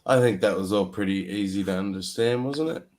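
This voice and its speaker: A man's voice: fairly low pitch, brisk, darkish tone. A man hosting a podcast, casual, laid-back and teasing with slang. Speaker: podcast host. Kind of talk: casual chat.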